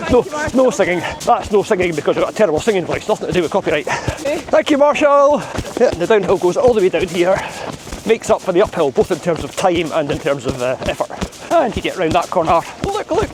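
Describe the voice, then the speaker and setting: A man's voice: sits high, fast talker. A chatty, wry man from Edinburgh with a Scottish accent, filming a casual vlog outdoors in a city park. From Edinburgh, Scotland. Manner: chatty, wry, self-deprecating. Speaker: running vlogger. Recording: outdoor crowd noise behind. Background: crowd of runners.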